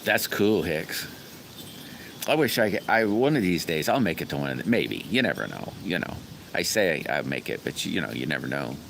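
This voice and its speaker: A man's voice: a bass voice, very animated, moderate pace, vocal fry, fairly bright tone, a little hiss or hum. A middle-aged man hosting a casual live stream, rambling in a folksy way and greeting viewers by name. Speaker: livestream host.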